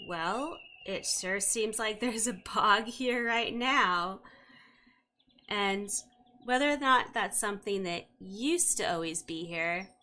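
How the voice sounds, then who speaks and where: A woman's voice: medium pitch, animated, slow, pushed and bright. A woman narrating a tabletop game as game master, with wry asides to the players.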